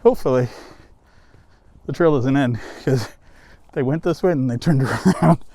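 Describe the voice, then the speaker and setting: A winded man talks his way through a woodland trail into a handheld camera, rambling and laughing as he climbs. His voice is dark and mellow. The sound is dry and close, with no room echo. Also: mid-range voice, normal speed. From East Coast of the US. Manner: rambling, laughing, swearing casually. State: out of breath. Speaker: vlogger. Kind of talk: casual vlog narration while hiking. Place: wooded ravine trail outdoors.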